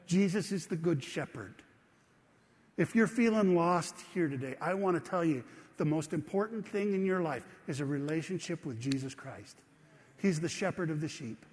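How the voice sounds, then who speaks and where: A man's voice: fairly high pitch, darkish tone. A middle-aged man preaching a sermon in a church, telling a personal story in a conversational style and asking the congregation questions. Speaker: pastor. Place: church sanctuary. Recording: long hall reverb.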